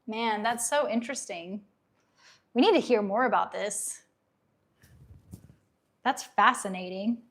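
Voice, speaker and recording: A woman's voice: medium pitch, a little slow, long pauses. A woman from Tennessee with a light Southern accent, hosting a casual livestream in a chatty, upbeat way and laughing easily. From Tennessee, USA. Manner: chatty, upbeat, laughs easily, reads viewer comments aloud. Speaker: livestream host.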